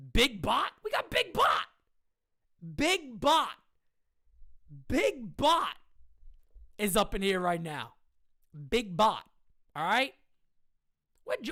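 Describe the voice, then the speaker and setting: A woman hosting a live-stream sports chat, talking in a hyped, slangy way as she shouts out viewers. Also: on the high side.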